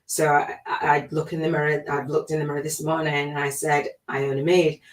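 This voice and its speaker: A middle-aged woman with a low voice talks casually and reflectively, filling her sentences with little hesitations. She sits some distance from the mic in a room that rings with echo. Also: completely flat delivery, a little fast. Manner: chatty and reflective, with many fillers. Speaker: spiritual life coach hosting a podcast. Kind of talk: casual spoken monologue. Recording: echoey room, voice away from the mic.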